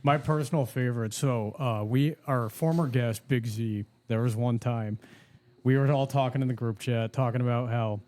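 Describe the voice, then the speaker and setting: A man's voice: mid-range voice, steady tone, moderate pace, darkish tone. A man in his twenties co-hosting a podcast, swearing freely and filling his stories with "like". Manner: profane storytelling, lots of "like". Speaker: podcast co-host. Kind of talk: casual chat.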